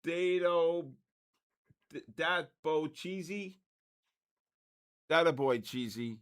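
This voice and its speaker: Exasperated older man, bright forceful voice. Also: on the high side, slow, smooth. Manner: exasperated, joking, spelling out usernames letter by letter. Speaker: trading livestream host. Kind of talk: casual livestream chat, calling out viewer names.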